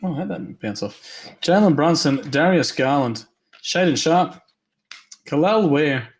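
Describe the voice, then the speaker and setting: A man hosting a live trading card break, rattling off names quickly and upbeat, his voice going hoarse. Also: on the high side, animated. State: losing his voice.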